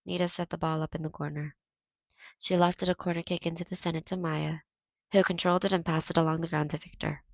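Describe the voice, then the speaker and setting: A woman teacher reads a novel aloud in a steady, even narration. Her voice sits low with a gravelly fry, and the sound is close and dry. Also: quick pace, no echo, dull audio. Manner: steady first-person narration.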